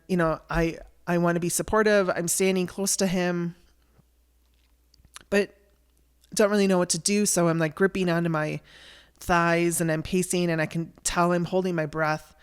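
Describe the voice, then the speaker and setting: A woman's voice: on the low side, smooth. A woman telling a personal story on her podcast, in a candid and conversational way. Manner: candid, conversational, with restarts and blunt language.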